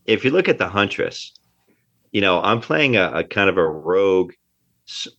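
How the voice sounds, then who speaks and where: In a casual interview, a low-voiced actor from New Jersey talks at normal speed with a sing-song, somewhat bright delivery. He's emphatic and repetitive, heard through dull lo-fi audio.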